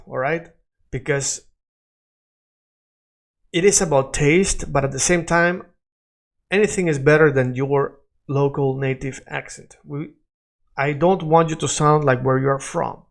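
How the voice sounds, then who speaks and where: A man's voice: on the high side, a little slow, gravelly. A man teaching an online lesson, explaining in English and repeating phrases over and over for the learner. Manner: switches between English explanation and Spanish examples. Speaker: Spanish teacher.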